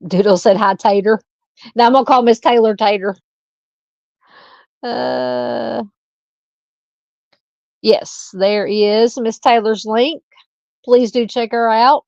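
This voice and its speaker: A woman's voice: fairly high pitch, takes it slowly, creaky, long pauses, a little mellow, no echo, muffled recording. A woman with a Southern US accent hosting a true-crime live stream, chatting casually and reading out viewer comments. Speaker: livestream host.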